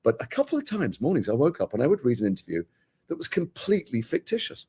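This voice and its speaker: A man's voice: mid-range voice, sing-song, fast, mellow, breathy edge. A middle-aged British man with an English accent, a guest actor speaking frankly in a live interview with wry asides. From Britain.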